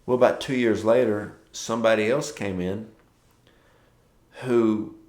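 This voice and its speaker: A man's voice: on the low side, fairly even intonation, unhurried, a little mellow, echoey room. A man giving a casual morning devotional as a pastor, telling stories and acting out quoted dialogue in a conversational way.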